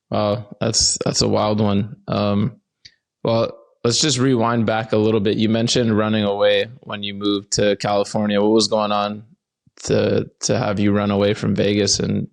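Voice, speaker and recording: A man's voice: lowish voice, completely flat delivery, normal speed, creaky. A male podcast host asking interview questions in a laid-back, casual way. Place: podcast studio.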